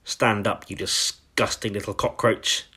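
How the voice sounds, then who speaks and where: A huge, bullying headmistress barks out threats and insults, as a man puts her on. The voice is low and husky, with a menacing, ranting edge. Storybook reading. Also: steady tone, measured pace, pushed and bright, exaggerated voice. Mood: raging.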